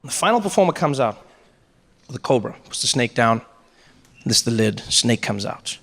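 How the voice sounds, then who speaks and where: A man doing stand-up storytelling, animated, often breaking off and restarting. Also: moderate pace, creaky, big-room sound. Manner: animated, many self-interruptions, jumps into high voices. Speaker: stand-up comedian.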